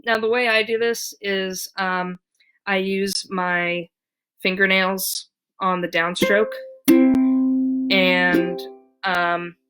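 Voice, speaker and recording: A woman giving a casual ukulele lesson, talking in a relaxed way with many fillers and counting beats aloud. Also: medium pitch, slow pace, pauses often, loud music behind the voice. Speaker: ukulele teacher. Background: ukulele strumming.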